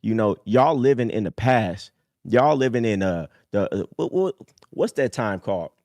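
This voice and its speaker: A man hosting a live call-in show, talking casually in a streetwise, preachy way that swings from low mutters up to high emphatic bursts. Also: animated, moderate pace, a little mellow, no room sound, studio quality. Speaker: host. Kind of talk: casual livestream talk.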